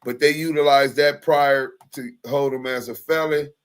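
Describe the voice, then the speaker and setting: A man's voice: mid-range voice, steady tone, normal speed, clear, resonant tone. A man on a casual livestream, reading court papers and emails aloud in a laid-back way, chuckling often. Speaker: livestream commentator.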